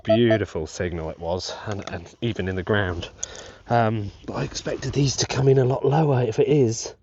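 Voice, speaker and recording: Lowish guy detecting in a field, all excited and laughing, muffled lo-fi audio. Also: moderate pace, noisy background. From England. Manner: breathless, giddy, laughing, talks to viewers. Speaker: metal detecting vlogger. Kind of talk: excited live-dig narration. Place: outdoors in a field.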